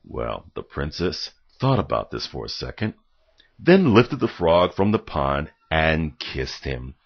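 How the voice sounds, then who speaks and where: A man reading a children's storybook aloud, calm and careful. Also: very deep voice, takes it slowly, breathy edge, muffled recording. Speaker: reader.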